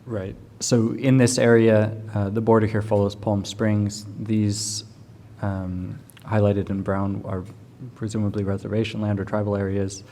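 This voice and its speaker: A man who draws the district lines, explaining a map in a public meeting over a video call, measured and with light ums. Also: on the low side, level tone, dark tone. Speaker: map line drawer.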